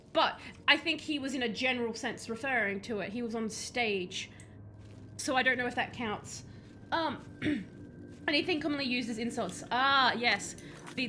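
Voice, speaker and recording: A woman's voice: sits high, pushed and bright, slight background noise. A young woman chatting and rambling to her stream chat while she plays a game, laughing at her own jokes. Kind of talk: casual live-stream chat while gaming. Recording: music playing behind.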